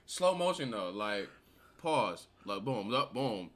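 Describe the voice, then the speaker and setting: A man's voice: fairly low pitch, takes it slowly, a crowd in the background. A young man casually commenting on a video with his brother, laughing often and acting out what people say. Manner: animated, laughing, acts out quotes. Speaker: co-host reacting to a video.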